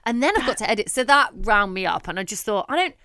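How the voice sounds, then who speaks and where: A woman in her thirties chats on a podcast, frank and blunt, swearing without a second thought. Her voice is smooth and resonant, and her pitch moves a lot as she talks. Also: animated, fast talker, sharp tone, dry recording, clean studio sound. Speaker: podcast co-host. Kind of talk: casual chat.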